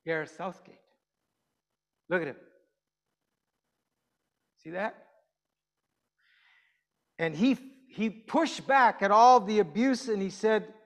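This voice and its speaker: High-voiced pastor in a reverberant hall. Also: male voice, expressive, slow pace, pauses often. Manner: chatty, asks the congregation questions. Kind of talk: conversational sermon.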